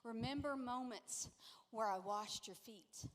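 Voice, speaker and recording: A woman pastor voicing Jesus as a gentle, earnest man teaching his followers. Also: fairly high pitch, unhurried, close to an everyday voice. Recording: long echo of a large church hall.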